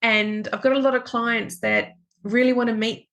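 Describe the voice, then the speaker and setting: A woman's voice: on the high side, steady tone, normal speed, gravelly, fairly bright tone. A woman in her forties hosting a podcast, speaking reflectively and affirming her guest as she thinks aloud. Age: 40s. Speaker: podcast host. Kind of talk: conversational interview.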